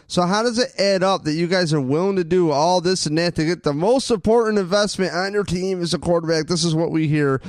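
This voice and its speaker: A man's voice: high voice, a little fast, hardly any pauses, no echo, studio quality. Ranting, cursing sports podcast guy. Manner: profane, ranting, animated. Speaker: podcast co-host. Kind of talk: casual sports chat.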